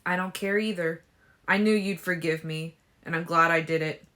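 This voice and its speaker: A woman reading an injured, jealous teenage boy in a fan audiobook, loud and blunt. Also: lowish voice, steady tone, moderate pace, natural voice. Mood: defiant.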